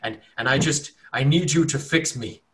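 A man's voice: mid-range voice, moderate pace, fairly bright tone, natural voice. A man playing a frantic unwashed cult hermit. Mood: pleading. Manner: frantic, pleading, breathy. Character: raving male cultist hermit, unwashed and haunted.

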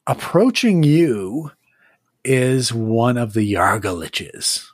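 A game master runs an online tabletop game, narrating the scene slowly and chattily. The delivery is unhurried and full of small fillers. The sound is close and dry. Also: medium pitch, animated, dry recording.

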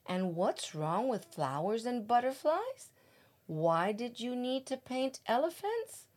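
A woman's voice: fairly high pitch, very animated, voice pushed up, exaggerated voice. A woman reading as a kindly storybook king. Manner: gentle, slow storybook reading. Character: kindly male king, gracious and curious.

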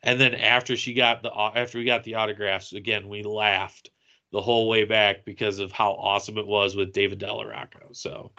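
A man, a podcast co-host and middle school teacher, casually telling a lively convention story and acting out the quotes. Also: lowish voice, moderate pace, lo-fi sound. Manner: animated, acts out quotes with laughter.

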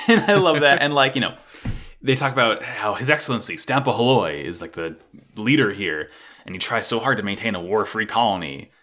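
A man's voice: fairly low pitch, lively intonation, a little fast, a bit bright. A man co-hosting a casual podcast chat about an anime episode, sarcastic and full of profanity. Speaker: podcast co-host.

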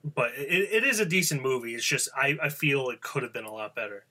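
A man's voice: medium pitch, sing-song, brisk, sharp tone. A man with a Southeastern Pennsylvania accent co-hosting a podcast, chatting casually with many fillers and restarts. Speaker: podcast co-host. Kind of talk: casual chat.

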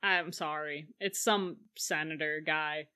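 Bright-voiced woman gabbing about a movie, goofy voices, laughs a lot. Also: low voice, takes it slowly, smooth. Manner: animated, acts out lines in silly voices, laughs often. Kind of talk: casual film discussion.

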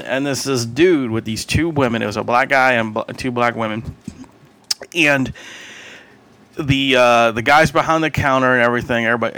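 A man's voice: medium pitch, sharp tone, no room sound. A man co-hosting a podcast, telling a rambling story in casual chat, acting out quoted voices and laughing often. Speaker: podcast co-host.

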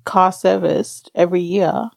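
Slow, gravelly woman. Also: fairly low pitch, fairly even intonation, no room sound. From Australia. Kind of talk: casual chat.

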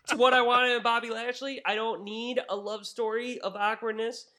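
A man co-hosting a wrestling review podcast in casual, opinionated chat, ranting with animated energy. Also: very high voice, moderate pace. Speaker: podcast co-host.

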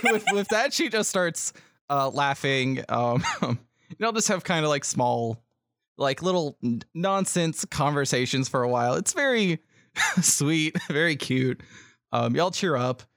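A man's voice: on the high side, lively intonation, a little slow, a bit bright, no echo, clean studio sound. A man narrating a tabletop game as game master, rambling with many fillers. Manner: rambling, full of fillers and laughs.

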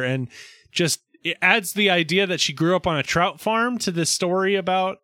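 A man with a bright, forceful voice, a little higher than most men's, walks through a TV episode's plot in casual podcast chat. He fills gaps with quick agreeing interjections. The sound is dry and close. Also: no room sound. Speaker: podcast co-host.

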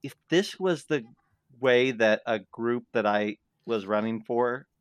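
A man co-hosting a podcast in casual chat, wry and animated, piling up asides as he makes his point. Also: medium pitch, measured pace, clear, resonant tone, dry recording, studio quality. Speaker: podcast co-host. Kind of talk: casual book discussion.

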